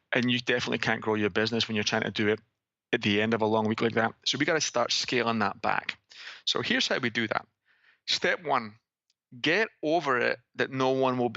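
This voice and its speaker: Emphatic Scottish man with gravelly voice. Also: medium pitch, no room sound, lo-fi sound. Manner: lively, emphatic, rhetorical questions. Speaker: podcast segment host. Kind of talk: business advice talk.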